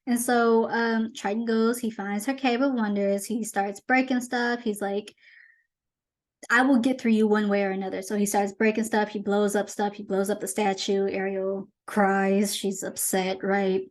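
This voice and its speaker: A woman hosting her own commentary show, chatty and animated as she retells a movie's plot in a casual review. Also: medium pitch, a little slow, few pauses. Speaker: host.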